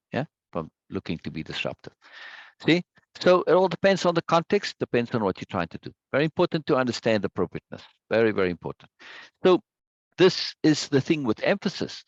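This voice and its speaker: A man's voice: medium pitch, no echo, lo-fi sound. A man teaching an online self-help course in a conversational way, talking over a video call and repeating key words for emphasis. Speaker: course instructor. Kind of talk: recorded online lesson. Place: indoors at a computer. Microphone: webcam over video call.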